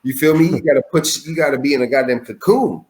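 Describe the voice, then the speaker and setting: A man in his forties, a comedian, tells stories over a remote call in a casual, swearing way. His pitch jumps sharply when he acts out what he said, then drops back to a relaxed middle register. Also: fast talker. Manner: animated, profane, jumps high for quoted lines. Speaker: comedian guest. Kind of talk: casual storytelling interview.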